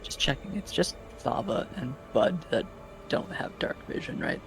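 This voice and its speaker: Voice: medium pitch, very animated, normal speed, vocal fry, over music. A player joking and bantering casually at a tabletop game.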